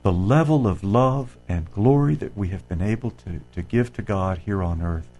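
Man with a low, gravelly voice, preacher reading devotional passages and explaining them conversationally. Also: normal speed, dark tone, rough recording. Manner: reads quotations aloud and comments, with fillers and restarts. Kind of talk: spiritual reflection.

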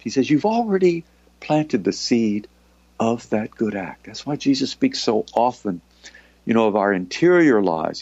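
A man reads a devotional text aloud and adds his own gentle, reflective commentary, often slipping in "you know" as he explains. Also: medium pitch, no echo. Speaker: spiritual teacher. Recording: dull, lo-fi, dry recording.

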